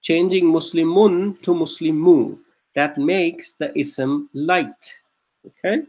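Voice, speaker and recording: A man's voice: a little high, takes it slowly. A man teaching an online grammar class, patiently repeating each point and checking that students follow. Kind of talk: online Arabic grammar lesson.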